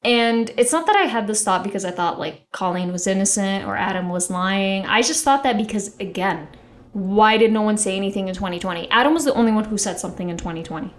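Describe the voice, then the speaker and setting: A woman's voice: medium pitch, animated, fast talker. A young woman giving casual, rambling commentary with strong opinions, often filling with "like". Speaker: commentary YouTuber.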